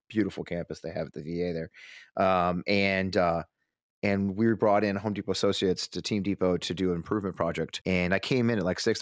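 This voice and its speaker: A man, an army veteran and strategist, telling stories as a guest in a casual conversation, animated and full of restarts, acting out quotes. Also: deep voice, no echo, clean studio sound. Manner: animated, quick, many restarts, acts out quotes.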